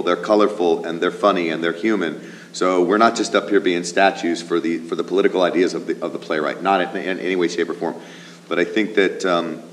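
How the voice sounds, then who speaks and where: A man with a very low voice speaks quickly and with emphasis about his work. His voice rings with a long reverb from the rehearsal hall. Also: slight background noise. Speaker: actor. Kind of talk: casual interview.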